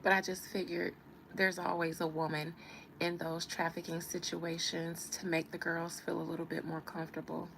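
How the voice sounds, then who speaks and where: A woman's voice: lowish voice, little pitch movement, normal speed, gravelly, fairly bright tone, a little hiss or hum, poor audio. A woman giving a casual live-stream reading, chatting and teasing as she answers viewer comments. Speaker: tarot reader on a live stream.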